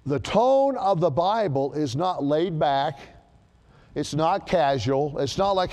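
A man preaching a sermon to a church congregation, emphatic and animated, repeating his key words for stress. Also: fairly high pitch, slow, in a large hall.

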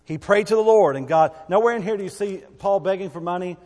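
A man's voice: sits high, quick pace, darkish tone, long reverb tail. A man preaching a sermon as a pastor, in a conversational, folksy way with asides and repeated phrases.

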